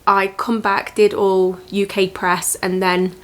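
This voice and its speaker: Speaking straight to camera, a vlogger in her 20s shares a personal storytime, earnest and reflective, pausing and restarting as she works through emotional memories. Her tone grows motivational and heartfelt, while her medium-pitched, fairly bright voice has a flat delivery.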